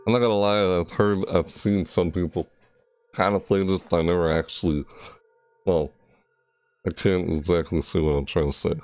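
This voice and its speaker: Low-voiced nervous man narrating a game. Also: fairly even intonation, normal speed, pauses often. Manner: rambling, nervous, thinks out loud. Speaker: let's play gamer. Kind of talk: casual gameplay commentary.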